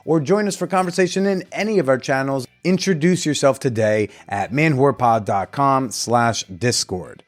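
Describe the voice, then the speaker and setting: A man hosting his own podcast, chatting loosely with a guest and then reading out the show's announcements. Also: medium pitch. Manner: loose, joking, a little tipsy from shots. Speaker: podcast host. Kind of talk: casual chat and show announcements.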